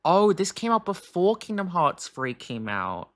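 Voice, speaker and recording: A reaction streamer who talks casually, asking rambling, confused questions and swearing often. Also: male voice, high voice, big pitch swings, a little slow, fairly bright tone.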